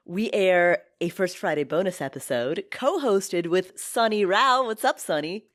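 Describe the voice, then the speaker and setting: A woman hosting a podcast in casual, upbeat chat, emphatic and quick to laugh. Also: fairly low pitch, animated. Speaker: podcast host.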